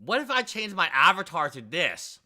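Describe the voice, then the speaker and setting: A man hosting a casual live stream, talking in excitable, rambling, jokey bursts. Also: sits high, normal speed.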